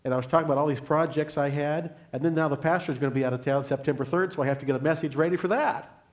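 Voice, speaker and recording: An older man, a guest speaker at a church, telling a personal faith story in an earnest, unhurried way and closing in prayer. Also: fairly high pitch. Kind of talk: sermon testimony.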